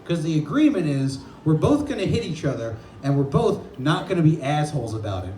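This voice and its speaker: A man in his twenties performing a self-deprecating stand-up comedy set on a club stage, telling stories and breaking into shouted impressions. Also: on the high side, very animated, brisk, a little hiss or hum. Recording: echoey club with audience laughter.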